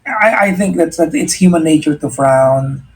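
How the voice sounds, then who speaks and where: A husky-voiced Filipino man, a radio host, answers a listener during a casual livestream chat, giving earnest, reflective life advice. He mixes English and Tagalog and restarts often, speaking at normal speed with a fairly high, expressive voice over poor audio.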